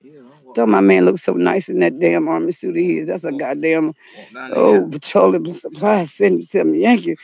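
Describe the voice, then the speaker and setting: A woman's voice: on the low side, moderate pace, vocal fry, muffled recording. A woman hosting a comedic outdoor vlog in the cold, fretting aloud and calling out for her missing dog. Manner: excitable, frets aloud, calls out a dog's name. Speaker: channel host.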